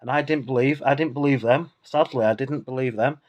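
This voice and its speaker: A man rants straight to camera, a few drinks in. His voice sits at an ordinary middle pitch. He rambles, swears freely and sounds indignant throughout. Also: brisk, dull audio. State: tipsy from drinking. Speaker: vlogger. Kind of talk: ranting casual monologue.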